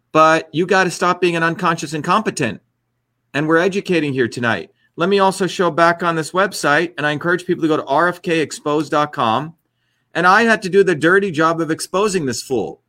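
A man's voice: a little high, pushed and bright. A man hosting an online livestream, delivering ranting political commentary in a combative, repetitive, emphatic way.

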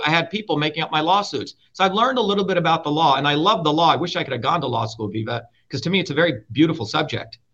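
A man's voice: fairly high pitch, bright, forceful tone. A man being interviewed as a political candidate, talking in a combative, emphatic way and swearing often. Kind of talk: heated interview talk. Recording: muffled lo-fi sound.

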